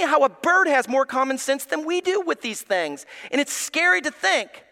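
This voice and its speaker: A man's voice: very high voice, sing-song, moderate pace, few pauses, sharp tone, in a large hall. A male pastor preaching a sermon in an emphatic, preacherly way, speaking directly to the congregation. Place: church sanctuary.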